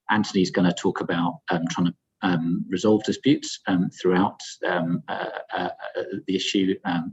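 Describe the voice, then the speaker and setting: A man hosting a webinar, giving housekeeping notes in a halting way full of ums and uhs, over a video call. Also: low-pitched, slightly rough. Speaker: webinar host. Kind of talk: housekeeping announcements. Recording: dull lo-fi video call audio.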